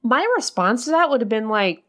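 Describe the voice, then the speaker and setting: A woman's voice: on the high side, lively intonation, fairly quick, a bit bright. A woman in casual chat, recapping a story in a chatty, opinionated way, with lots of fillers.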